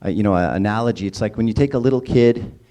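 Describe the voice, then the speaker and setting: Mellow-voiced man giving a casual sermon. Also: lowish voice, fast. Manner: casual, engages audience with questions and repeated "right?". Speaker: church speaker. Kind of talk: conversational sermon talk.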